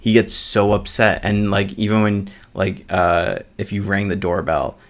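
Deep-voiced guy rambling on a movie podcast, lots of ums and likes. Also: fairly even intonation, measured pace. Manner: rambling, many fillers. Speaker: podcast co-host. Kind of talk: casual chat. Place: small studio.

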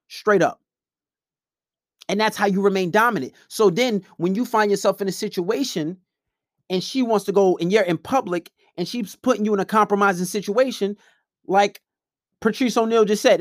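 Male podcaster, blunt and profane lecturing tone, slightly high pitch, dry sound. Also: dry recording. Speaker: relationship advice podcaster. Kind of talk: casual monologue.

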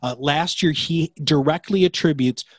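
Upbeat male guest pitching his podcast business, slightly high voice, dry mic. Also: no room sound. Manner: fast, enthusiastic, salesy. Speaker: podcast production company owner. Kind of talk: energetic interview answers.

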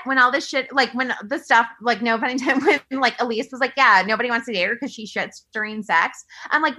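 Bright, husky-voiced woman in her thirties. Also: high voice, fairly quick. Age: 30s. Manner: animated storytelling, acting out quotes, lots of "like". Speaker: podcast host. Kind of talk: casual chat.

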